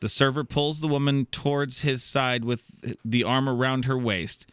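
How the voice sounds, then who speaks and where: A man's voice: medium pitch, measured pace, clear, resonant tone, no room sound. A man hosting a comedy podcast, reading a listener's story aloud with joking asides and laughter. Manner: animated, laughing, jokey interjections. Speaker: podcast host.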